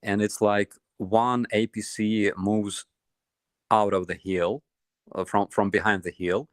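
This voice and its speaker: A man with a Ukrainian accent tells a story in casual chat, hesitant and full of pauses and fillers. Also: on the low side, flat delivery, dry recording, studio quality. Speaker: guest soldier.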